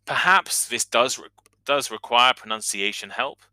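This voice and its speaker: A man teaching English on a podcast, talking through pronunciation points in a clear, explanatory way and saying example sounds aloud. His voice is strikingly bright and forward, at an ordinary pitch. The recording is dry and close, with no room sound. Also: a little slow, no echo, poor audio. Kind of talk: scripted educational podcast monologue.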